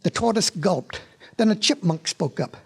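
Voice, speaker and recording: Folksy husky storybook narrator, man. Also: high voice, lively intonation, moderate pace. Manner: folksy, chatty asides.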